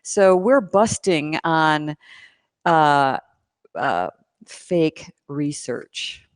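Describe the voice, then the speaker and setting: A woman guest, the conference chair, explaining her field in a casual interview at a conference, lively and enthusiastic with frequent ums. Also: low voice, very slow, dry recording, studio quality. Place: conference venue.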